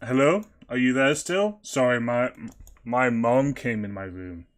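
A man's voice: mid-range voice, a little slow. A man making a prank call over voice chat, feigning whiny panic and confusion in an overacted way.

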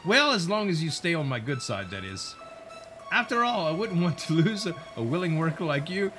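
A man doing a gruff, mocking skeleton pirate. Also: a little high, very animated, normal speed, bright, forceful tone. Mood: menacing banter. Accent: put-on British pirate. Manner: teasing, swaggering. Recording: game music behind.

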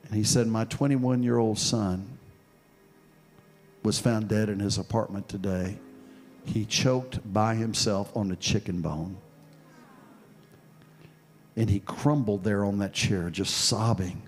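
A man preaching a sermon and telling a story from his own past, dropping soft and low, then building to loud, forceful preaching. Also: fairly even intonation, slow, long pauses, soft background music. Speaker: pastor. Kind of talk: sermon with personal testimony.

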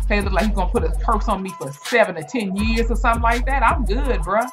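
A woman in her twenties hosting a reaction video, telling stories in a casual, animated and profane way. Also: fast talker, few pauses, music in the background. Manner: animated, profane storytelling with big pitch swings.

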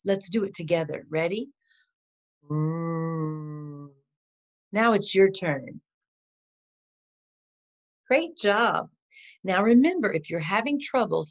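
A woman teaching a phonics lesson to children, patient and encouraging, modeling each sound slowly. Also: mid-range voice. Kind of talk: slow instructional lesson for children. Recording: dull lo-fi sound.

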